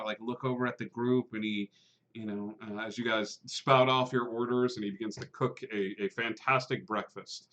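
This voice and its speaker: A man at a middle pitch who runs a tabletop game as its game master. He narrates scenes and questions his players in a halting way, full of filler sounds. The tone is an everyday conversational one. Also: a bit bright, highs cut off. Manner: hesitant, with many filler sounds.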